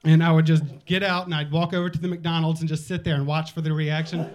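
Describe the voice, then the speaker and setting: A man's voice: a little high, little pitch movement, quick pace, crowd noise. A man from Virginia doing a loose, self-mocking stand-up set at a bar comedy night.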